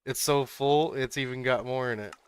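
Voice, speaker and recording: A man's voice: mid-range voice, moderate pace, clean tone. Chatty man hosting a game stream. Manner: chatty, laughs often, gives tours. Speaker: streamer host. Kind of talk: casual gaming chat.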